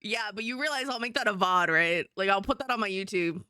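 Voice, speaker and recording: A woman's voice: mid-range voice, brisk, pushed and bright, smooth, no echo, clean studio sound. A woman streaming live and chatting casually, laughing often and swearing now and then.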